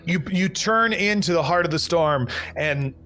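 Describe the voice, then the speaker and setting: A man's voice: fairly high pitch, pushed and bright, soft background music. A man running a live tabletop pirate game as game master, explaining rules and narrating a storm with restarts and fillers. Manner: rambling, restarts and fillers, brisk rules talk.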